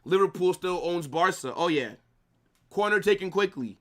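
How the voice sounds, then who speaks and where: A man's voice: high voice, lively intonation, normal speed. A man streaming a live football watch-along, arguing with his chat in a brash, trash-talking way, swearing freely and calling viewers bro and brother.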